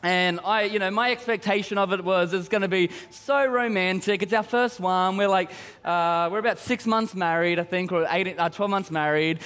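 A man's voice: sits high, normal speed, fairly bright tone, clear, resonant tone. A young man preaching a sermon as a pastor, telling stories with jokes. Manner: storytelling, joking. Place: large church hall. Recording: hall reverb from a church service.

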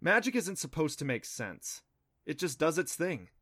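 A man voicing an eager, adventurous young boy in a storybook reading, excitable and a bit boastful. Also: a little high, moderate pace, husky, voice pushed up, full character voice. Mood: cocky.

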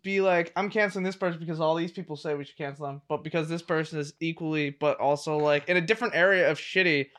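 A man's voice: on the high side, fairly even intonation, quick pace, hardly any pauses, fairly bright tone. Agreeable man on a podcast. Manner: supportive back-channel replies, short agreeing remarks. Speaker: podcast co-host. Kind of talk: casual chat.

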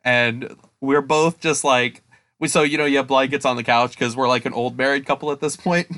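A man's voice: medium pitch, steady tone, normal speed, pushed and bright, dry recording. A man, co-hosting a podcast in rambling, casual chat and laughing often. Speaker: podcast co-host.

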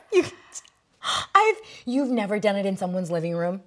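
A woman's voice: mid-range voice, expressive, normal speed, fairly bright tone. A woman co-hosting a podcast in casual chat. She rambles, fills her talk with "like" and "I mean", and swears casually. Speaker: podcast co-host.

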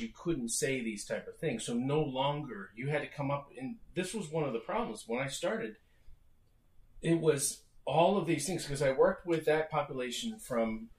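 Middle-aged guy cohosting a podcast, explains stuff, restarts a lot, echoey room. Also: mid-range voice. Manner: explanatory, restarts phrases, acts out quotes. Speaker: podcast co-host. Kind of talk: casual discussion. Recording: roomy echo.

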